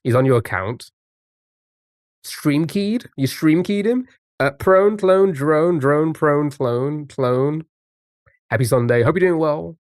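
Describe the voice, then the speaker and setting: A man's voice: a little high, lively intonation, takes it slowly, dry recording, studio quality. A man live-streaming a word game, chatting casually and greeting viewers by name.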